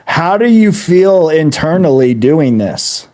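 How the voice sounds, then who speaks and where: Interviewer guy, kinda high but mellow and smooth, short questions. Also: sing-song, takes it slowly. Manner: short prompting questions and reactions.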